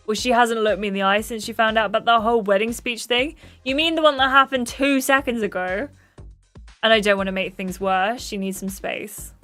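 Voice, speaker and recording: A woman's voice: medium pitch, fairly bright tone. Chatty woman reading game lines. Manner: chatty, apologetic, laughs at her own slips. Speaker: streamer playing a story game. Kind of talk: casual livestream commentary and reading game dialogue aloud.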